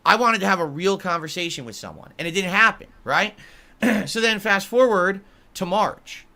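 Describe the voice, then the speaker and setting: A man's voice: high voice, expressive, normal speed, sharp tone. A man speaking in a documentary interview, sounding aggrieved and defensive about how he is treated online. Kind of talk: interview clip played on stream.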